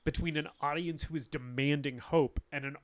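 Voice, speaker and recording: A man co-hosting a podcast in casual chat, excitable and laughing often. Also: a little high, moderate pace. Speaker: podcast co-host.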